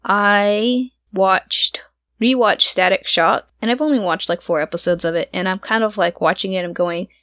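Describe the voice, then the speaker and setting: A woman co-hosting a casual podcast, chatty and quick to laugh, filling her talk with "like" and "um". Her voice sits at an ordinary pitch and is recorded dry and close, with no room sound. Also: fairly even intonation, a bit bright, no echo. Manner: chatty, laughs often, lots of fillers. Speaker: podcast co-host. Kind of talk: casual chat.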